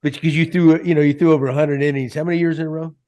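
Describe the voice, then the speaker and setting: A man's voice: on the high side, fairly even intonation, rapid-fire, warm tone. A man hosting a sports talk show, chatting with a guest in a chummy, jokey way. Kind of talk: casual interview chat.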